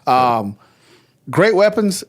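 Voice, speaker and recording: A man's voice: high-pitched, big pitch swings, slow pace. A man talking as a podcast guest in casual chat, joking around and chuckling often. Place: studio under hot lamps.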